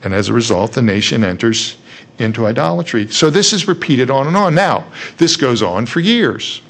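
A man's voice: mid-range voice, sing-song, moderate pace, vocal fry. A male preacher giving a conversational sermon, retelling a story and asking rhetorical questions.

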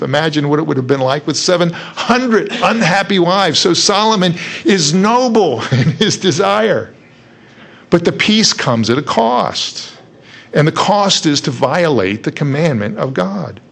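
A man's voice: a little high, vocal fry. A male preacher giving a conversational sermon, retelling a story and asking rhetorical questions.

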